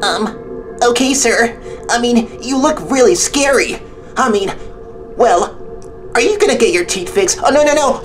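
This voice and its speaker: A man's voice: very high-pitched, unhurried, pauses often, soft background music, pitched above the performer's own voice. A man voicing a timid, whiny schoolboy who stammers and pleads in a comedy skit. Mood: pleading.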